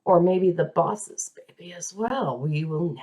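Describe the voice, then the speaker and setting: A woman hosting a podcast, telling a true story in a casual, dramatic way, with asides and quick voices for the people in it. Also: lowish voice, warm tone.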